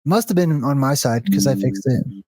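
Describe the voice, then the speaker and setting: A man's voice: medium pitch, expressive, normal speed, warm tone, dry recording. Dry-voiced man rambling over gameplay. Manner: rambling, thinking aloud while explaining. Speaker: co-host of a gaming video. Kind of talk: casual gameplay chat.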